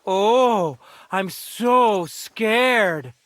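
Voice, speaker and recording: An actor playing a cocky village bully in a video game, taunting and sarcastic. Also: male voice, high-pitched, big pitch swings, a little slow, fairly bright tone, no echo, full character voice. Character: mocking male village bully, scornful and cocky.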